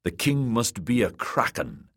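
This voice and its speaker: A man's voice: medium pitch, big pitch swings, unhurried, fairly bright tone, husky, pitched above the performer's own voice, exaggerated voice. A man reading an audiobook, voicing a confident young woman warrior who teases her uncle. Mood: teasing. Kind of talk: audiobook character voice.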